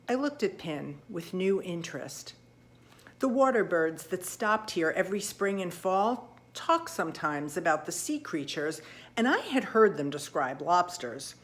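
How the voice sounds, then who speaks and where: A woman narrating a children's storybook in the first person, with expressive, lively delivery. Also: on the low side, unhurried. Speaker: audiobook reader.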